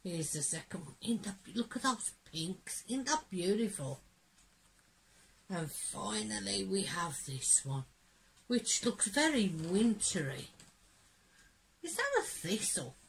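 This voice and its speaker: A woman with a croaky voice from being unwell, chatting gently and enthusiastically as she opens mail from a friend on her craft channel. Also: mid-range voice, very animated, slow pace, slight background noise, low-quality recording. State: hoarse, croaky from illness. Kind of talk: casual chat opening mail.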